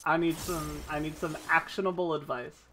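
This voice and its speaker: A woman's voice: low-pitched, steady tone, normal speed, a bit bright, a little hiss or hum. A woman streaming a video game, chatting casually with her viewers in a playful, teasing way and swearing freely.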